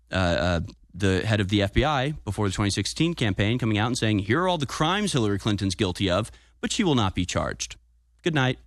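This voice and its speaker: A man's voice: on the low side, no echo, studio quality. A man hosting political talk radio with combative, sarcastic commentary. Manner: combative, sarcastic, self-congratulating. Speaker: talk show host.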